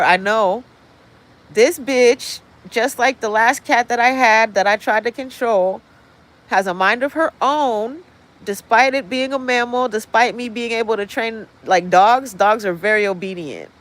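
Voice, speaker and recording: Speaking unhurriedly, a woman with a somewhat high, fairly bright voice hosts a livestream from indoors in an apartment building. Her casual rant is blunt, profane, and meandering, and the recording quality is low.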